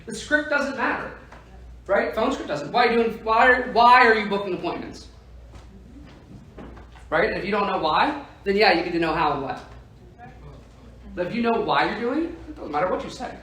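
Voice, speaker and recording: A man's voice: sits high, expressive, normal speed, long pauses, bright, forceful tone. A man giving a motivational sales training talk to insurance agents, emphatic and constantly checking in with "right?". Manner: emphatic, keeps asking "right?" to the audience. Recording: echoey room, heard from a distance.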